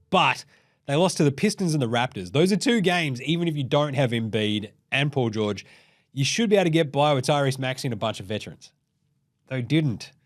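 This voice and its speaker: A young man hosting a basketball show, rambling and swearing as he acts out players in silly voices. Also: mid-range voice. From Australia. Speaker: basketball podcast host. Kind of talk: casual sports commentary.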